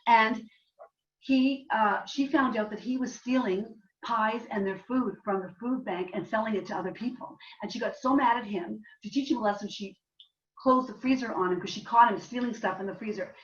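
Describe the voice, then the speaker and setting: A woman playwright from Canada chats casually about her play, rambling with many restarts. Her voice sits fairly high, picked up from a distance in an echoing room with a dull, muffled sound. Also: normal speed. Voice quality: rambling, chatty storytelling with restarts. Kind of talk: casual talk at a reading. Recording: distant roomy dull live recording.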